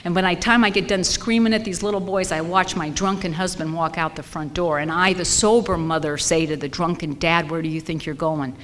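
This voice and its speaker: A woman's voice: on the low side, fairly even intonation, brisk, hardly any pauses, a bit bright, slight background noise. A woman sharing her personal story at a recovery meeting, candid and emphatic, repeating phrases for weight. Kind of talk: personal testimony. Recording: reverberant hall with faint ambience.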